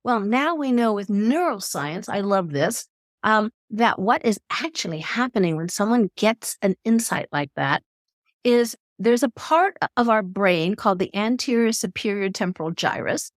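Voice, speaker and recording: A woman speaks as a podcast guest, explaining her ideas in an expressive, storytelling manner. Her voice sits at an ordinary middle pitch for a woman. The sound is dry, with no room echo. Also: moderate pace. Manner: expressive storyteller who acts out quotes. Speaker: podcast guest, eating expert. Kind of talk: conversational explanation.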